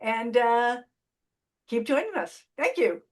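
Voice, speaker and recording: A woman hosting a casual interview over a video call, chatty with halting restarts. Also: a little high, big pitch swings. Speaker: interview host.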